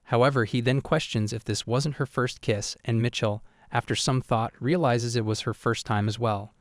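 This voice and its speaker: A man's voice: mid-range voice, moderate pace, dry recording. Man with a dry, close recap voice. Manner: steady, even third-person retelling. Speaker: recap narrator. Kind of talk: scripted story recap narration.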